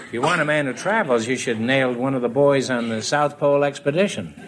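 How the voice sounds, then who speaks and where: A man hosting a 1950s radio quiz show, bantering and teasing his contestants with quick wisecracks. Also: mid-range voice, fairly bright tone.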